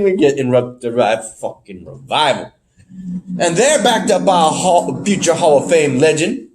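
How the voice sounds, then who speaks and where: Lively higher-voiced man recapping wrestling. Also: unhurried. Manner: animated, swearing, jumps in pitch when surprised. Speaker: podcast co-host. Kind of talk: casual wrestling recap chat.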